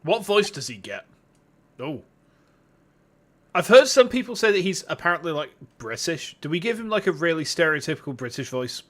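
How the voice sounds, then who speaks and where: A man's voice: on the high side, big pitch swings, moderate pace, a bit bright. A man streaming a game as a VTuber, chatting casually with swearing asides. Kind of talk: casual let's-play commentary. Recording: music playing underneath.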